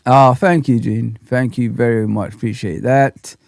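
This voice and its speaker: A man's voice: mid-range voice, fairly even intonation, unhurried, vocal fry, darkish tone, no room sound, studio quality. A man hosting a live football fan stream, chatting with viewers and ranting animatedly. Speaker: football fan channel host.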